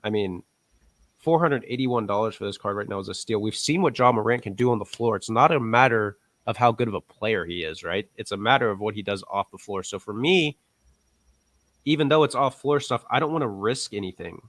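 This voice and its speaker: Guy co-hosting a podcast, lowish voice, dry close sound, upbeat pitchy delivery. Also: fairly quick, fairly bright tone, dry recording. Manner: upbeat, pitches investment picks with rising emphasis. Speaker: co-host. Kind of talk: casual podcast chat.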